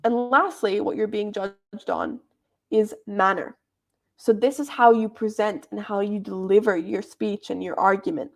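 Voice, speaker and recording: A young woman explains the judging criteria for debates while leading a workshop for a debate club, keeping her teaching chatty and informal. She has a mid-range voice, darkish in tone, with vocal fry.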